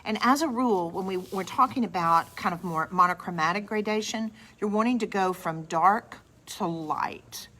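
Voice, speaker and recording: A middle-aged woman, hosting a live craft demonstration and chatting with viewers as she works. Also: on the low side. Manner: chatty, warm asides to viewers. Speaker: craft studio host. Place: craft studio.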